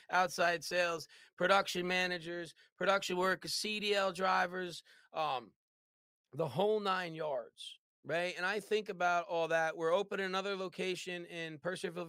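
A business owner telling his life story in an interview, animated and forever checking in with "right?". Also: high-pitched, clean tone, no room sound, clean studio sound. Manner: animated, tags lines with "right?".

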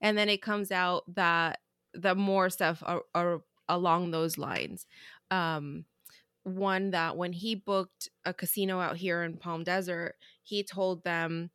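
A woman's voice: on the low side, steady tone, slow, a bit bright, clean tone, dry recording, studio quality. A woman co-hosting a podcast in casual chat, telling stories animatedly with frequent "like" and easy laughs. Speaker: podcast co-host.

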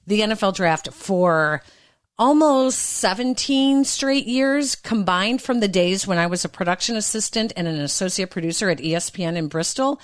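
A woman's voice: mid-range voice, animated, normal speed, no room sound, studio quality. A woman in her sixties hosting a casual podcast chat, upbeat and teasing. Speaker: podcast host.

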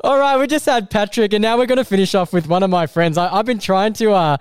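A man's voice: sits high, quick pace, clear, resonant tone, no echo. Chatty Australian man hosting a podcast. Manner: laughs often, chatty and upbeat. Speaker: podcast host. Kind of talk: casual chat.

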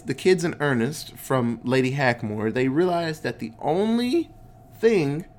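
A man's voice: medium pitch, a little mellow. A man casually recapping a movie, laid-back and swearing a lot, acting out the characters' lines in goofy voices. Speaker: podcast host recapping a movie.

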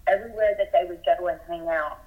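A woman from Texas speaks as a guest over a muffled phone line. She tells her story in earnest and thorough detail. Her voice sits a little low. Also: steady tone, fast. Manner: earnest, detailed retelling with rising urgency. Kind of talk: telling a personal story by phone. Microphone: telephone.

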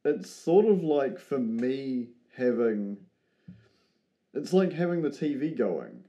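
A man's voice: mid-range voice, sing-song, takes it slowly, dark tone. A man co-hosting a podcast in a laid-back, somewhat hesitant casual chat. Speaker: podcast co-host.

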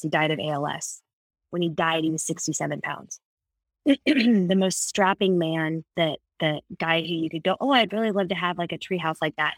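A woman guest on a podcast, telling personal stories in casual conversation, animated and quick to laugh. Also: sits low, no echo. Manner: animated storyteller, laughs often.

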